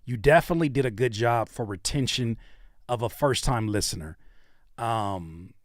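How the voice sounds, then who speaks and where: A man's voice: mid-range voice, moderate pace, no room sound, clean studio sound. A man hosting a livestream where he reacts to music submissions, talking casually, joking and repeating phrases for effect. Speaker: host reviewing music submissions.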